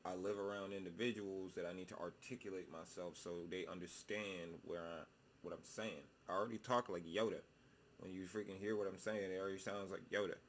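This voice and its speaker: A young man hosting a reaction video, talking in a slow, stoned-sounding drawl and rambling bluntly with plenty of swearing. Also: low voice, steady tone, slight background noise. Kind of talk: casual profane commentary.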